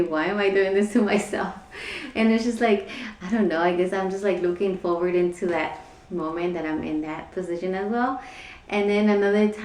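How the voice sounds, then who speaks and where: A woman's voice: lowish voice, darkish tone. Young woman vlogging in an echoey room. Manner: rambling, many fillers, frequent laughs. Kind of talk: casual pregnancy vlog chat. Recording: echoey room, somewhat far from mic.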